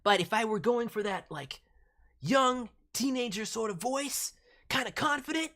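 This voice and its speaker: Playful woman streamer with a lively voice. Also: medium pitch, normal speed. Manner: playful, bouncy, teasing. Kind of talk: casual live-stream chat.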